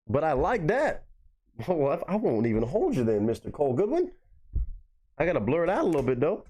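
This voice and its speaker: A young man hosting a live music reaction stream, talking excitably, swearing freely and repeating lines in disbelief. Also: on the high side, a little fast.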